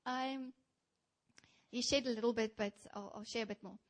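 A woman's voice: fairly high pitch, normal speed. A young South African woman giving a sermon in a church, telling stories and speaking straight to her listeners. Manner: animated storytelling, addresses the congregation directly.

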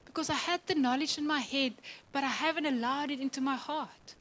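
A woman's voice: sits high, a little fast, a bit bright, rough recording. A woman preaching a passionate, emotional sermon to a church, often laughing and voicing God's words.

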